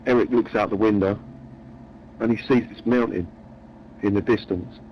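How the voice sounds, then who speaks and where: A man's voice: lowish voice, fairly even intonation, normal speed, highs cut off, a little hiss or hum. A man telling a long, rambling joke in a chatty, meandering way. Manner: meandering, chatty, repeats words. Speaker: storyteller.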